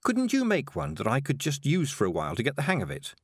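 A fretful young witch girl, as a man reads her aloud in a storybook, whining and pleading in a high, bouncing voice. The sound is close and dry, with no room around it. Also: wildly swooping pitch, fast talker, husky, no room sound, heavily acted. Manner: pleading, whiny.

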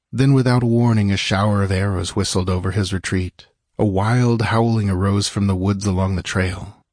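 A man narrating an action-filled fiction story, measured and dramatic, slowing for grim moments and lifting for the fighting. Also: low voice, darkish tone, slightly rough, no room sound, clean studio sound. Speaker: audiobook narrator.

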